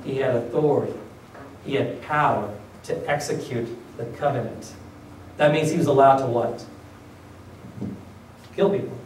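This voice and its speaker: A man's voice: mid-range voice, normal speed, pauses often, a little mellow, slight background noise. A pastor preaching a sermon, constantly asking his congregation rhetorical questions and acting out the voices of people in his stories. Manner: acts out quoted voices. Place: church sanctuary. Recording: echoey room, mic far off.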